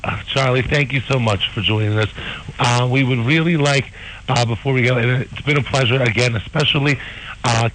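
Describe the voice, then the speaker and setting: A man's voice: medium pitch, fairly bright tone, a little hiss or hum, low-quality recording. Effusive radio co-host, man. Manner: effusive, halting thanks with many restarts. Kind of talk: casual radio interview.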